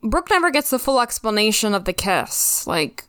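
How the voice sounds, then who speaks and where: A woman's voice: on the high side, very animated, normal speed, a bit bright, clean tone, dry recording, clean studio sound. A woman co-hosting a TV recap podcast in casual chat, musing and asking rhetorical questions. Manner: conversational, offers life advice, asks rhetorical questions. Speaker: podcast co-host.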